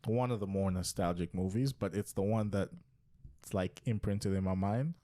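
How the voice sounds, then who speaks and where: A man's voice: low voice, moderate pace. Young man telling stories with slang. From Africa. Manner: animated storyteller, slangy ("dog", "man"). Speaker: podcast co-host. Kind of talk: casual chat.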